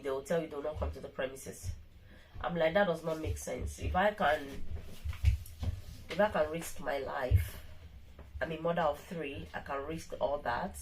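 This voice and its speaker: A woman's voice: low-pitched, a little hiss or hum, rough recording. A middle-aged woman talking casually to her viewers while weak and tired from illness, rambling and restarting her sentences often. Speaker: vlogger. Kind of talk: casual vlog monologue.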